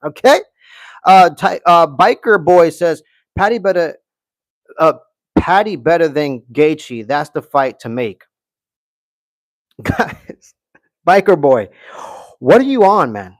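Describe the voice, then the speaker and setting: A male streamer with a fairly high, animated voice talks slowly with long pauses, and there's no room sound. He gives brash, opinionated fight commentary, reading and responding to chat while repeating "okay" and "guys."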